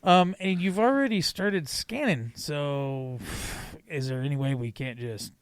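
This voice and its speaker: A man's voice: on the high side, unhurried, clear, resonant tone, dry recording. A man improvising a sarcastic, shirtless male shopper, laughing between his lines in a comedy skit.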